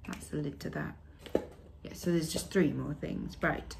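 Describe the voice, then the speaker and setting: A woman's voice: sits low, fairly even intonation, a little slow, gravelly, noisy background. A woman chatting casually as she unboxes beauty products, reading labels aloud with fillers along the way. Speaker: beauty vlogger.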